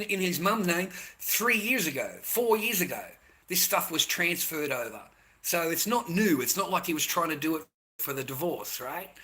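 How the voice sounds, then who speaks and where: A man's voice: high-pitched, pushed and bright. An Australian man giving a ranting advice monologue to other men, repeating himself, calling them mate and boys, swearing freely. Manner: repetitive, lecturing, addresses listeners as mates, swears. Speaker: vlogger.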